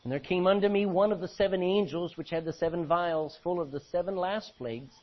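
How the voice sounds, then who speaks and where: A man pastor preaching a sermon, reading old-fashioned scripture aloud and swinging between loud emphasis and low, quiet lines. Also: a little fast. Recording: dull lo-fi recording.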